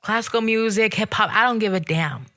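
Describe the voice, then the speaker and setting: A woman talks on her own show in a loose, sassy rant, her voice bright and forceful. She sounds exasperated and animated, jumping up in pitch when something annoys her. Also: fairly quick. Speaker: podcast host. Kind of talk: casual solo rant.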